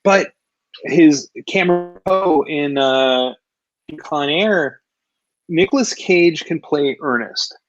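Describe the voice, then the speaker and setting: A man's voice: on the high side, slow pace, dry recording, lo-fi sound, soft background music. A man hosting a casual chat, talking about movies in an enthusiastic, opinionated way. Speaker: host.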